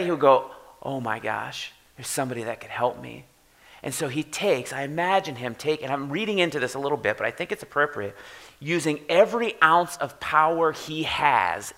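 A man preaching a sermon in a conversational way, often checking in with "right?" and swinging from quiet to loud for emphasis. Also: mid-range voice. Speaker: pastor.

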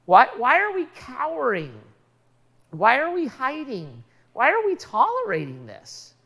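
An indignant young hero demands why no one will fight, his voice climbing high and pushing loud as a woman preacher puts him on. The questions tumble out fast and urgent. A long hall reverb trails every line. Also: animated.

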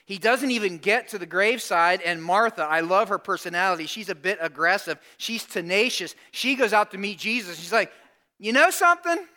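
A man preaching a sermon, telling a story in an animated, conversational way and acting out the people in it. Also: high voice, brisk, hardly any pauses. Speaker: pastor.

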